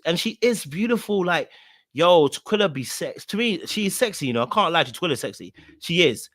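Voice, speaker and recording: A man's voice: high-pitched, animated, fairly quick, a bit bright, dry recording. Emphatic slangy man, dry close sound. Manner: emphatic, repeats himself, blunt slang. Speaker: reaction commentator. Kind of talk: casual reaction commentary.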